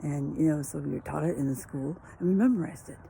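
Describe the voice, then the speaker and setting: A woman's voice: deep voice, fast talker, creaky, warm tone, a little hiss or hum. A woman vlogging in a meandering, spiritual, musing way full of fillers, recorded on a phone. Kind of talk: rambling casual vlog.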